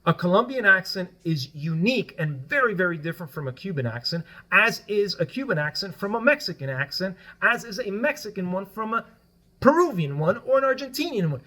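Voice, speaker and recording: Speaking a little fast in a sing-song, pushed, bright voice that is notably high, a Spanish-native man guests on a casual political podcast. He lays out his points at length, tagging them with "right?".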